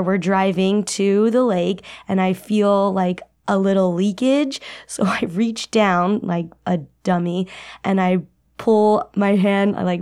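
A young woman tells a personal story in a casual, chatty way, laughing now and then. Her voice sits at a middle pitch. She acts out the people in the story with lively little voices. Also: smooth. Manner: chatty, animated, laughs while telling, acts out quotes. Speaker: guest storyteller.

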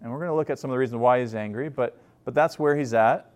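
A man's voice: mid-range voice, fast talker, darkish tone. A male pastor delivers a sermon as an easygoing story told to a congregation. He talks informally, often restarting his sentences and using filler words between thoughts.

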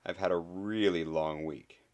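A man's voice: deep voice, unhurried. A man voicing a tired eleven-year-old boy who speaks in a dull, resigned way. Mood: weary. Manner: dull, tired, flat delivery.

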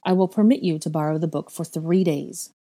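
A woman's voice: low voice, brisk. Strict old librarian witch, as a woman puts her on. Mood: stern. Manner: flat, precise, disapproving.

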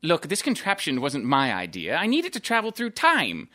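A performer voicing a prim, pompous British gentleman agent with an exasperated manner. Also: low voice, wildly swooping pitch, moderate pace, heavily acted.

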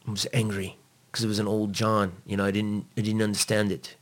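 A man being interviewed, telling a personal story in a blunt, profane, animated way. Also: fairly low pitch, brisk.

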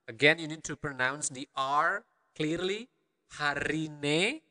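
A man's voice: a little high, normal speed, bright, forceful tone, big-room sound. A man from Bali, a language teacher who speaks patiently and keeps checking in with the listener. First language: Balinese. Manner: patient, repetitive, checks in with "okay?". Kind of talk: language lesson narration.

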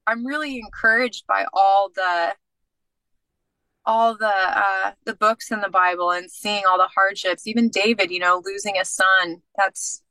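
A woman guest recounts her faith journey in an animated, chatty way, slipping into acted-out dialogue. Her voice is bright and forceful, and the recording is dry with no room sound. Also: mid-range voice, unhurried, no echo, rough recording. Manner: animated storyteller who acts out dialogue. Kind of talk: casual faith testimony.

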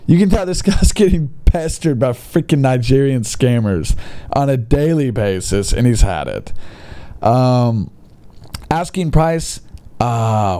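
A man giving comedic commentary with a mocking, sarcastic edge and quick asides. His pitch jumps around a lot, and his tone stays mellow and dark. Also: sing-song. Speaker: host.

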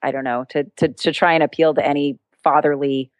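A woman telling an anecdote as an interview guest, laughing often and jumping into higher voices for the people she quotes. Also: a little fast, no room sound. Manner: animated, acts out quoted voices with a jump in pitch. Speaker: guest, street performer and entertainer. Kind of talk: storytelling anecdote in conversation.

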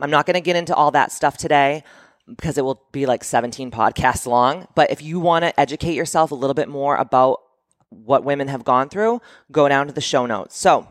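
A woman's voice: rumbling low, moderate pace, no echo, studio quality. A woman hosting a solo podcast, talking bluntly and casually, swearing often and acting out quoted remarks. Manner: blunt, profane and animated, with quoted asides. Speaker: podcast host.

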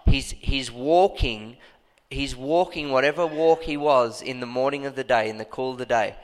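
A man delivers a fervent sermon in a church hall. His voice jumps into high, emphatic outbursts, and a long reverb trails after each phrase. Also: normal speed. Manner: passionate, bursts into high emphatic cries. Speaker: pastor.

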